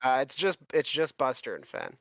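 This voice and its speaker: A man's voice: mid-range voice, wildly swooping pitch, normal speed, creaky, a bit bright, dry recording, highs cut off. A man narrating a tabletop game as game master, rambling loosely and laughing between restarts.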